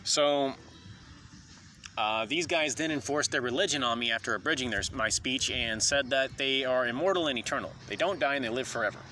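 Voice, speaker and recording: Indignant man with a bright voice. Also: mid-range voice, a little fast, a little hiss or hum. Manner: indignant, rambling, argumentative, frequent ums and uhs. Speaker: video commentator. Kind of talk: monologue to camera on constitutional law.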